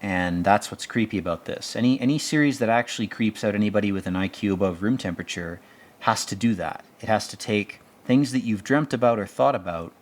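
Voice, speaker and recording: A man's voice: on the low side, brisk. A man giving rambling, sardonic commentary on a TV episode, with casual profanity. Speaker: show commentator.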